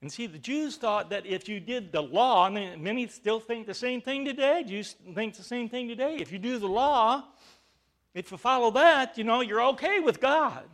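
A man's voice: very high-pitched, lively intonation, normal speed, fairly bright tone. A male pastor preaching a sermon, emphatic, with rhetorical questions and rising bursts of volume.

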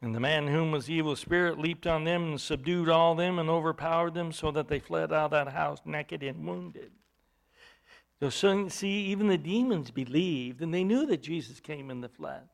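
A man's voice: fairly high pitch, normal speed, creaky. A man preaching a sermon, teaching from scripture in an emphatic way, with bursts of volume.

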